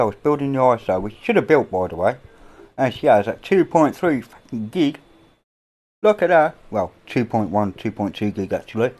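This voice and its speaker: A middle-aged man with an English accent, hosting a casual livestream chat from a home, rambling and offhand with casual swearing, on a boom-mounted mic. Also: darkish tone. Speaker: livestream host. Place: indoors at a home. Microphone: boom-mounted microphone.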